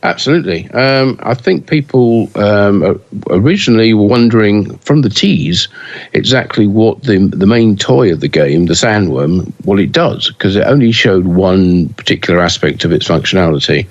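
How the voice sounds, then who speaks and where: A man's voice: on the low side, expressive, normal speed, dull audio. A man co-hosting a pinball news podcast in casual chat, hesitant with many fillers and restarts.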